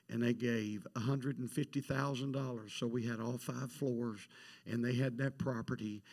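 A middle-aged man preaching a missions sermon, telling a story and swinging from quiet asides to loud emphatic peaks. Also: medium pitch. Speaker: pastor.

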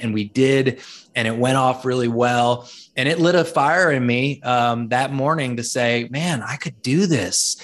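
A man's voice: medium pitch, fairly bright tone. A man being interviewed as an author and speaker, telling stories animatedly and often repeating words as he starts a sentence. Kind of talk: storytelling interview talk.

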